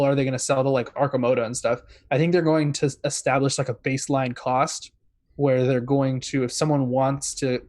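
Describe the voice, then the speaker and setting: A man's voice: medium pitch, dry recording. A man in a casual chat as a guest correspondent, rambling with many fillers.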